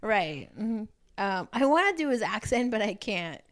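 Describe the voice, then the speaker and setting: A woman's voice: medium pitch, sing-song, a little slow. A woman in her thirties telling stories bluntly in casual podcast chat, swearing freely and acting out the lines of the people she quotes. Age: 30s. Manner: blunt, profane storytelling with acted-out quotes. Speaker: podcast co-host.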